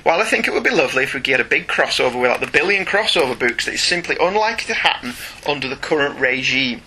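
Lively, bright-voiced man. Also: mid-range voice, quick pace, a little hiss or hum. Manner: chatty, animated, laughs often, reads aloud. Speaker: podcast co-host reading listener email. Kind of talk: casual chat.

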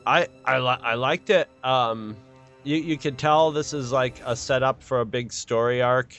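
A man's voice: medium pitch, a little slow, a bit bright, faint music behind. A man co-hosting a podcast in casual chat, often stumbling and repeating words. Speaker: podcast co-host.

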